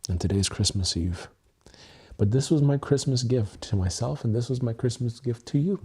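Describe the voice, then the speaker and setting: This content creator's voice is medium-pitched, slightly rough and a bit mellow, moving at normal speed. Facing his webcam mic, he delivers a solo livestream monologue built around EFT tapping. He's emotional and sincere, repeating himself and cursing freely while processing how he feels.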